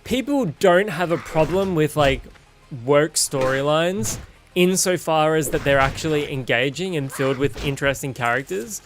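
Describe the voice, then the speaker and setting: Male streamer, casual and blunt, swears freely, pitch a touch high, soft game music behind. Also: normal speed. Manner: blunt, profane, opinionated ranting. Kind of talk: casual gaming stream commentary.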